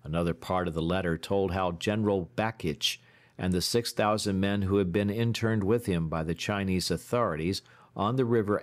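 Guy narrating an audiobook, lowish voice, steady and measured.

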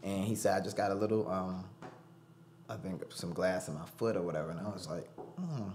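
A man's voice: low voice, brisk, a little hiss or hum. A man telling a personal story as a studio guest, acting out the voices he quotes. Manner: animated, acts out quoted voices. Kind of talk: storytelling interview.

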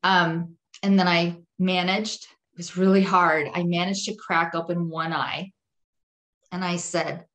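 A woman's voice: lowish voice, level tone, measured pace, a bit bright. Woman earnestly recounting a vivid experience. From Jewish home. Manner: vivid, earnest storytelling with emphatic repetition. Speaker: podcast guest. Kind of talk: personal testimony in an interview.

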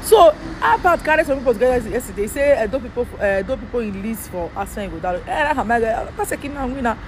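A man's voice: very high voice, lively intonation, fast, a little hiss or hum. A man from Edo State with a Nigerian Pidgin accent, delivering a fired-up political rant full of rhetorical questions as a vlogger.

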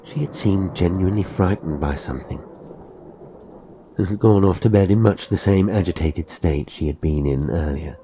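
Deep, gravelly horror narrator man. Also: dark tone, slight background noise. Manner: measured, atmospheric. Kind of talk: scripted horror audiobook narration.

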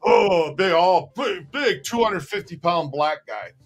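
A man co-hosting a relaxed livestream chat, with a voice sitting a bit higher than most men's. He tells stories animatedly and laughs often, with soft music faint in the background. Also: a little slow. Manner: animated, laughing storyteller reading viewer comments. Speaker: co-host. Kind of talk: casual livestream chat and storytelling.

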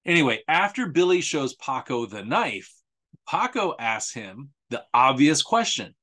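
A man's voice: medium pitch, sing-song, measured pace, pushed and bright. Sarcastic conversational man. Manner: sarcastic, conversational, with emphatic repetition. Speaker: author presenting a history series. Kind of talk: casual spoken presentation.

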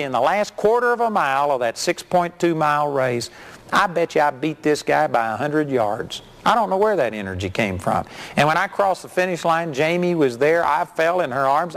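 A middle-aged man preaching a sermon, telling folksy, animated stories. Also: fairly high pitch. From Texas.

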